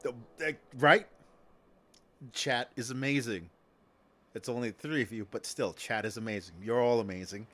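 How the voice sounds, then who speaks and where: Male game streamer, casual rambling chat, jokey, middle pitch. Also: normal speed, pauses often, a bit bright. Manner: rambling, jokey, swears, chants and talks to chat.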